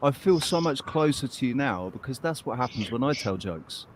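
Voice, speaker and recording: Guy hosting a live stream over a video call, joking around and teasing, mid-pitched voice. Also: normal speed, slight background noise. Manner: jokey, teasing, animated. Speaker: host. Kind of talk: casual chat on a live stream.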